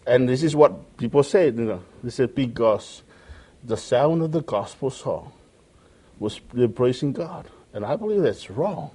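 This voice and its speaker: A man delivering a sermon with a mellow, warm-toned voice. He speaks earnestly, circling back to repeat phrases as he quotes scripture. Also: mid-range voice, measured pace, slightly rough. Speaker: preacher.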